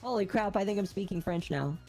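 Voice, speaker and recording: A woman's voice: mid-range voice, animated, a little fast, warm tone, faint music behind. A woman streaming a game and chatting casually, reading and answering chat with playful puns.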